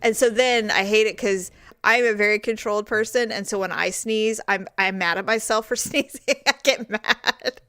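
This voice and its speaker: Woman, podcast co-host, casual chat, animated storytelling, dry close mic. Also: mid-range voice, normal speed, clear, resonant tone, no echo. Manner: animated storyteller, acts out quoted voices with big jumps.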